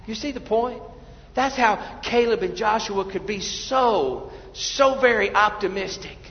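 A man preaching a sermon as pastor, animated, swinging between loud urging and hushed asides. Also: high voice, a little slow. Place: church sanctuary. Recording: dull, reverberant church hall.

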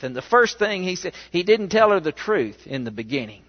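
A pastor with a somewhat high voice preaches slowly in a church sanctuary, telling stories animatedly and posing rhetorical questions. The sermon's recording sounds dull and heavily echoey.

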